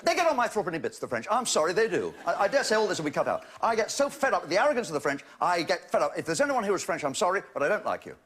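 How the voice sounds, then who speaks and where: A comedian in his sixties runs a quick, mocking stand-up routine in a TV studio. His voice sits high and swings widely as each bit builds to its punchline. A studio audience laughs loudly behind him. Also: very animated, very noisy. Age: 60s. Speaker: comedian host.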